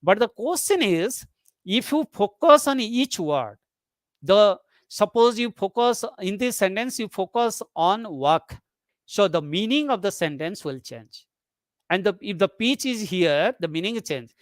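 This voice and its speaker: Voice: mid-range voice, big pitch swings, unhurried, dry recording. Methodical webinar lecturer, dry close sound. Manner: explains step by step, repeats terms and reads example sentences aloud. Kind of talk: webinar lecture on English intonation. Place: online webinar.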